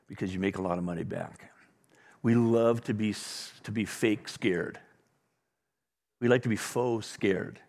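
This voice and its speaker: A male pastor with a fairly low voice delivers a sermon in a conversational, storytelling way, turning often to the congregation. Long reverb trails behind his words, the sound of a large sanctuary.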